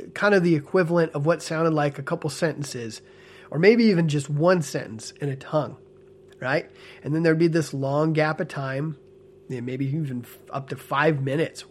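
A man in casual spoken commentary, animated and earnest with a smile in his voice, often checking in with "okay?" and "right?". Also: a little high. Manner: animated, frequent tag questions like "okay?" and "right?"; talks with a smile, amused and earnest. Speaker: ex-church member commentator.

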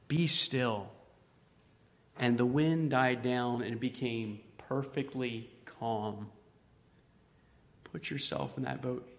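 A pastor delivers a sermon with a bright, forceful edge, painting the scene vividly as he swings from loud urgency down to hushed near-whispers. His voice sits a little high for a man. It rings through a roomy church hall with a long reverb. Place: church stage.

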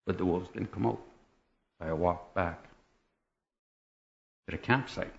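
Guy with a lowish voice telling his testimony like a story, chuckles, keeps asking right? okay?, kinda muffled recording. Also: slow, creaky. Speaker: person giving a testimony.

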